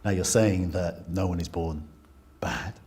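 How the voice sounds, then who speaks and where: A man, a counsellor hosting, asking measured and probing questions. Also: low voice, steady tone, a little mellow. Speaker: counsellor and host. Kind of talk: interview questions.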